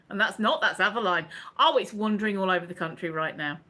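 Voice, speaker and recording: A woman's voice: mid-range voice, moderate pace, pushed and bright. A woman, hosting a casual livestream chat, rambling and laughing as she reads out viewer comments. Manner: chatty, laughs often, rambling asides. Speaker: livestream host.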